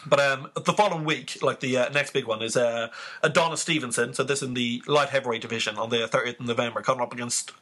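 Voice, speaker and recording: A man's voice: medium pitch, fairly even intonation, fast talker, fairly bright tone, slightly rough. A man, co-host of a casual sports chat, talking in a rambling way full of fillers. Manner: rambling, filler-heavy, chatty.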